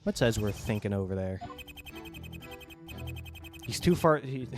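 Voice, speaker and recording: A man's voice: fairly low pitch, lively intonation, a little slow. A man hosting a let's play, commenting casually with self-mocking asides, over faint game music. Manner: self-deprecating, giggly asides.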